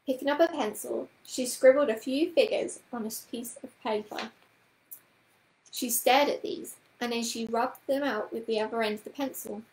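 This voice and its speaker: A woman's voice: a little high, moderate pace, darkish tone, slight background noise. Woman reading a storybook aloud. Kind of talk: children's book read-aloud. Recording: roomy echoing room.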